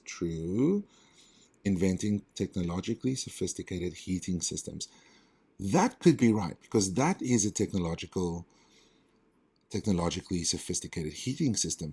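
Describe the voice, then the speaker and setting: Man, tutor, very low voice, slightly husky, thinking aloud, self-correcting. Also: darkish tone. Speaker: test prep tutor. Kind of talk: walking through test questions aloud.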